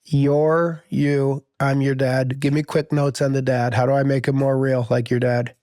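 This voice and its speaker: A man's voice: medium pitch, flat delivery, a little slow, a little mellow, no room sound, clean studio sound. A man co-hosting a comedic advice podcast, running a role-play bit with jokes. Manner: joking, directing the bit. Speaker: podcast co-host.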